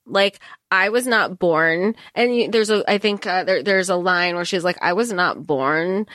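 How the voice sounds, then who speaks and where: Woman, book podcast co-host, animated, casual, quick asides, swears, dry sound. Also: on the low side, no echo.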